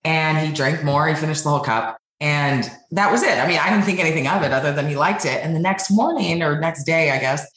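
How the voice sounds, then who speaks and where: Low-voiced woman telling her story. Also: brisk, few pauses. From Denver area. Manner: animated, acts out quoted voices. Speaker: podcast guest, company founder. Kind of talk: casual interview storytelling. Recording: echoey room.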